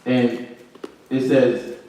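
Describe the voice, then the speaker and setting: A man's voice: medium pitch, little pitch movement, extremely slow, mellow. A man teaching a Bible class, explaining verses in a casual preaching manner with slang. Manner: conversational preaching with slang and acted-out quotes. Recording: echoey room, distant mic.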